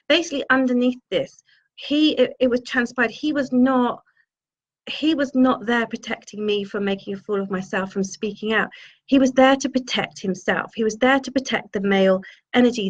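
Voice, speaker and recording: A woman, a spiritual healer, telling a personal story in a meandering way and searching for her words. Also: fairly high pitch. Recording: dull lo-fi sound.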